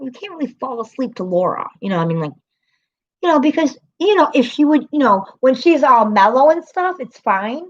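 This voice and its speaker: Chatty woman on a lo-fi livestream. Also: on the high side. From American city. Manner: rambling, chatty, laughs often, swears. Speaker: livestream host. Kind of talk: casual livestream chat.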